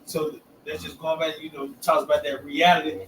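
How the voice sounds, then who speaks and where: A man's voice: fairly high pitch, flat delivery, fairly quick, a bit bright, distant mic, slight background noise. Man saying "man" often, echoey room. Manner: casual, ends phrases with "man". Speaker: group member in scripture discussion. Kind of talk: casual group discussion of scripture. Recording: echoey room, voice from off-mic, faint ambience.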